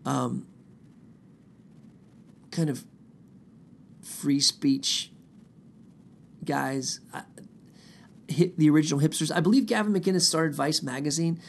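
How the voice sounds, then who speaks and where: A man with a higher, creaky voice tells a long personal story in a casual, rambling, profane way, animatedly quoting other people in their voices. There is slight background noise.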